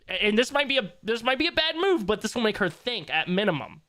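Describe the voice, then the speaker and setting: A man's voice: high-pitched, big pitch swings, quick pace, hardly any pauses, bright, forceful tone. A young man livestreaming, chatting casually with his viewers in a loose, joking, slangy way and laughing easily.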